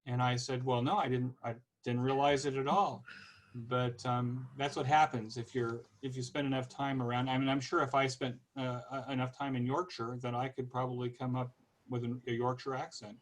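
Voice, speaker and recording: A man's voice: mid-range voice, little pitch movement, moderate pace, poor audio. A man with a Californian American accent, speaking as a guest in a casual video call, with many restarts. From United States.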